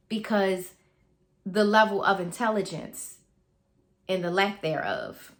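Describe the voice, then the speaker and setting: A woman's voice: mid-range voice, bright, forceful tone. Earnest woman giving casual advice. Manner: earnest, conversational, speaks in loose repeating phrases. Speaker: mother sharing parenting advice.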